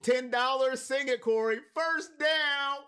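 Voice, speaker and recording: A man's voice: very high voice, takes it slowly, smooth. A man from Cleveland hosting a live watch party stream, calling plays and talking to his chat. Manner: hypes chat, shouts on big plays.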